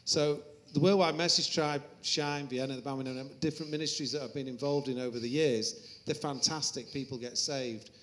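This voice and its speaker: A Christian musician, interviewed as a guest, speaks in a mid-range, fairly bright voice with fairly even intonation, at normal speed and with hardly any pauses. His anecdotal talk shifts from earnest reflection to self-mocking stories told with laughter.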